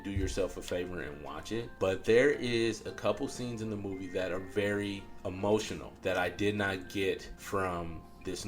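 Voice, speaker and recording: A man hosting a podcast, casually and excitedly retelling film scenes, full of swearing. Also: deep voice. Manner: profane, excitable storyteller. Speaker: podcast host. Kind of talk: casual chat.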